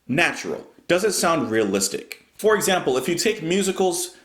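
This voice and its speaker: A man with a slightly high voice talks through a song, his pitch rising and falling with a lot of life. He explains things thoughtfully and often restarts his sentences. The room around him is roomy and echoey. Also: sing-song, moderate pace, fairly bright tone. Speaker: music reaction YouTuber. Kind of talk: casual reaction commentary.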